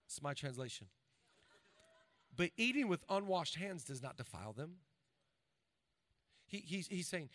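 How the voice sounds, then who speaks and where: A man in his forties preaching a sermon to his congregation, swinging between loud bursts and hushed asides. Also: on the high side, sing-song, measured pace, long pauses, dry recording. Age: 40s. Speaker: pastor.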